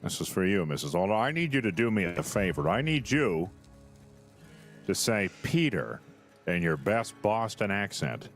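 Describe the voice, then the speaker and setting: A man's voice: fairly low pitch, sing-song, normal speed, soft background music. A man joking in a roleplay session, making teasing requests of another player.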